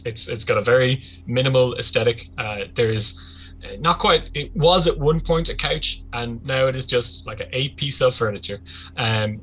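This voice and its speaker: Male game master, bright, sharp tone, chatty vivid narration, faint hum. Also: mid-range voice, rough recording.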